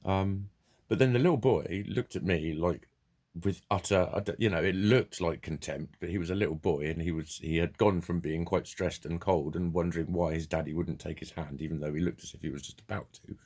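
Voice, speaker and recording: Low-voiced man ranting freely. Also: a little fast, a little mellow. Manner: rambling, heavy swearing, blunt. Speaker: vlogger. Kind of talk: casual vlog monologue.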